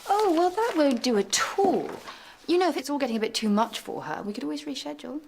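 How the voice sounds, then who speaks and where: A sardonic young woman doctor who answers with dry sarcasm. Her pitch moves in lively swoops. Steady noise sits behind her. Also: fast talker, creaky. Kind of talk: TV drama acting.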